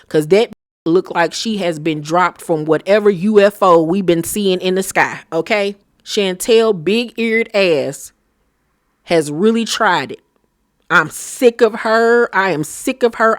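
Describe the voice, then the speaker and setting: Woman vlogger, mid-range voice, blunt and profane; reality TV recap, sassy with loud bursts. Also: medium pitch, no room sound, studio quality. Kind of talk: casual episode recap commentary.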